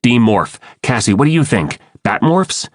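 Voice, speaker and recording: A man's voice: mid-range voice, sing-song, moderate pace, dry recording, studio quality, pitched above the performer's own voice. A man voicing a tense teenage boy who leads the group with clipped orders, in an audiobook. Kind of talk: audiobook character voice.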